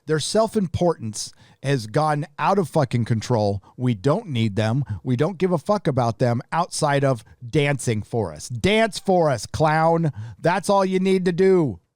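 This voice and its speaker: A man's voice: fairly high pitch, animated, unhurried, darkish tone, no echo, studio quality. Man ranting bluntly with a raised voice. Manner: casual, with restarts. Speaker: live stream host. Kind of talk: live stream commentary.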